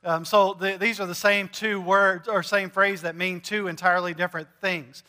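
A man's voice: sits high, little pitch movement, moderate pace, sharp tone, in a large hall. A middle-aged man, preaching a conversational sermon to his congregation with frequent "uh" fillers and light humor. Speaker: pastor. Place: church sanctuary.

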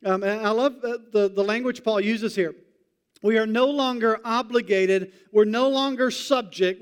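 Male pastor, high and clear voice, conversational preaching with emphatic slow stresses. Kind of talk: sermon.

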